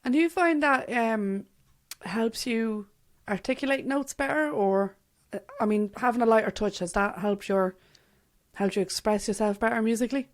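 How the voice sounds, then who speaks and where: A woman's voice: a little high, moderate pace. A young Irish woman hosting an interview, chatting cheekily and laughing through her stories. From Ireland. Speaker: interview host. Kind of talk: casual interview chat.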